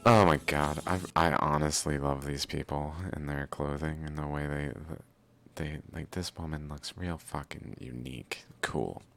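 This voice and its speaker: A man's voice: rumbling low, fairly even intonation, measured pace, gravelly, a bit bright. A man hosting a reaction video, talking casually over clips, swearing a lot and sounding incredulous. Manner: profane, incredulous, laughs often.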